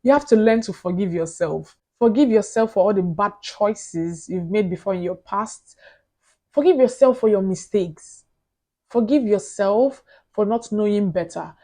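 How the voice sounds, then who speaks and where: A woman talks straight to her camera in a casual motivational vlog. Her voice is mellow and warm. She sounds earnest and animated, and she laughs lightly between her points. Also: medium pitch, a little slow. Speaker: motivational vlogger.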